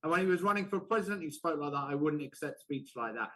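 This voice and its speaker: A man's voice: fairly high pitch, expressive, fast talker, a bit bright, low-quality recording. A man arguing as a panelist in a heated televised debate, insistent and defensive, with some hesitant restarts.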